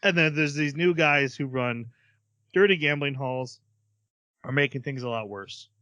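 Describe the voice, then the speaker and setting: A man's voice: mid-range voice, measured pace, pushed and bright, dry recording, lo-fi sound. A man hosting a podcast, casually recapping an episode in a chatty way with many fillers. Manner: chatty, hesitant with fillers, acts out quotes. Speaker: podcast host.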